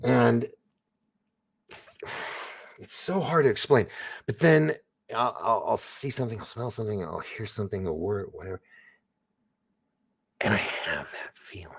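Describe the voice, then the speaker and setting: Gravelly low-voiced man rambling on a live show. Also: expressive, normal speed, long pauses. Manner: rambling, self-interrupting, laughs often. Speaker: live show host reading chat. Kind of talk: casual live-stream chat.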